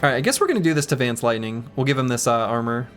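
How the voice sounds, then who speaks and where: A man's voice: mid-range voice, big pitch swings, rapid-fire, a bit bright, soft background music. A man streaming a game, chatting casually in a joking, rambling and self-mocking way. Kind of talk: casual gameplay commentary and chat.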